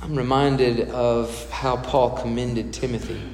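A pastor preaching a sermon in a conversational way, putting questions to the congregation. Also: male voice, mid-range voice, fairly even intonation, slow pace, a little mellow, slight background noise. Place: church hall. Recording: echoey hall with long reverb.

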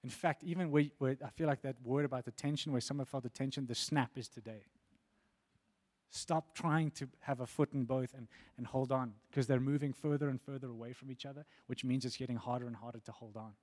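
A man's voice: medium pitch, fairly even intonation, a little fast, darkish tone. A man preaching a sermon in an earnest way, often repeating words as he builds emphasis.

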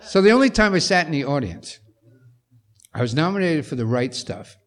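An older man tells backstage stories to a luncheon crowd, playing out each person's lines as he goes. His voice swings widely in pitch and rests a little higher than most men's. He is animated and theatrical from start to finish. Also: normal speed. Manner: animated storyteller who acts out quoted voices. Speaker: composer-conductor speaking at a luncheon. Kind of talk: anecdotal talk to an audience.

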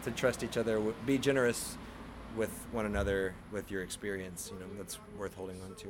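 A man hosting a podcast interview, calm and affirming, often ending points with "right?". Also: lowish voice, fairly quick, background noise. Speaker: podcast host. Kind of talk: reflective interview talk.

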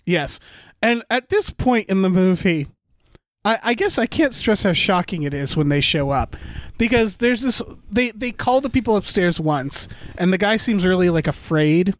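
A man with a fairly high voice rambles through a casual movie review, profane and animated in his complaints. The recording is close and dry, with no room sound. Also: normal speed, no room sound. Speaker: podcast co-host.

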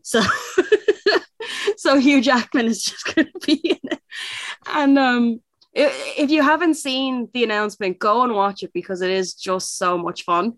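A woman co-hosting a podcast, chatting casually and excitedly, laughing often and rambling with fillers. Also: on the high side, measured pace, no echo. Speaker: podcast co-host. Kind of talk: casual chat.

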